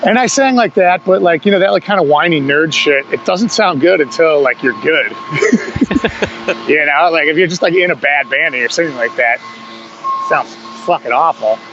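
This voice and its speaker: Rambling, swearing punk singer. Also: male voice, fairly high pitch, expressive, normal speed. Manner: loose, rambling storytelling with frequent swearing and chuckles. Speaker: podcast guest, singer in a punk band. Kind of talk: casual conversational interview. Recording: dull lo-fi podcast audio with faint hum.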